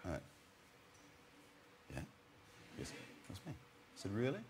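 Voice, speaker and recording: A man's voice: fairly low pitch, huge pitch swings, unhurried, noisy background. A man in his forties, an actor guest on a chat show, telling wry, jokey stories in a loose, casual way.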